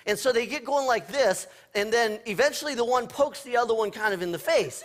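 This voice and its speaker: A man with a notably high-pitched voice, preaching a church sermon. He talks in a loose, conversational way and tells everyday stories with a playful, joking touch. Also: animated, a little fast, hardly any pauses. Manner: conversational storytelling with playful humor. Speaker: pastor. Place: church sanctuary.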